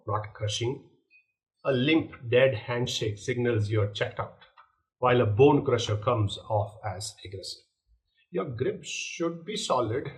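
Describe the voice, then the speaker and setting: A man, a leadership coach, giving a measured, emphatic instructional talk with deliberate pauses. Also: medium pitch, poor audio. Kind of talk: scripted instructional monologue.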